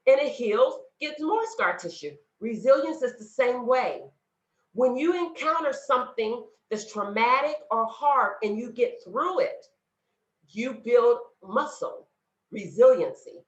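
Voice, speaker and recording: A woman gives an earnest motivational talk on a video call and speaks straight to her listeners. Her voice sits a little high and rises and falls with a lot of life. The call audio sounds dull and roomy. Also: animated, measured pace. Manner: earnest, conversational, addresses audience directly. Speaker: guest speaker.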